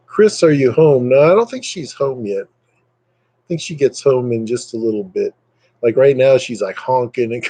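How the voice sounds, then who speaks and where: A man's voice: expressive, normal speed, mellow, dry recording, poor audio. A man hosting a casual live stream, rambling and joking with his viewers by name. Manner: rambling, joking, puts on silly high voices for quotes.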